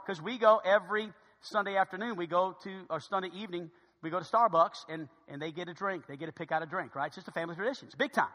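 Bright-voiced pastor in a big echoing hall. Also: male voice, sits high, fast, few pauses. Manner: repeats words, conversational, grows hushed when serious. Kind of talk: storytelling sermon.

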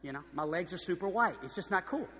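A man preaching a sermon, telling lively stories and acting out the voices of the people in them. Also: high-pitched, quick pace, big-room sound, slight background noise. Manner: animated storytelling, acts out voices. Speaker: pastor. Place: church.

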